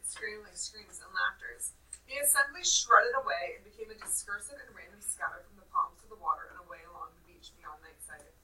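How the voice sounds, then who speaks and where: A woman teacher reading a novel aloud to a class, giving the dialogue loud dramatic emphasis and stopping to ask questions. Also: fairly high pitch, far from the mic, low-quality recording.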